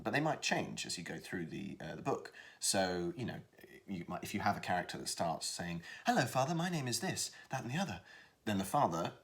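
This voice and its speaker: Deep-voiced man giving a casual voice-acting tutorial. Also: fairly bright tone. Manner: hesitant, lots of fillers and restarts. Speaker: voice actor.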